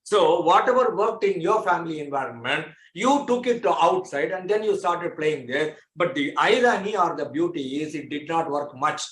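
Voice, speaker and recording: A man's voice: fairly high pitch, animated, normal speed, few pauses, fairly bright tone. A man giving a lecture to a class, explaining with homely examples and repeating phrases for emphasis. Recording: echoey room.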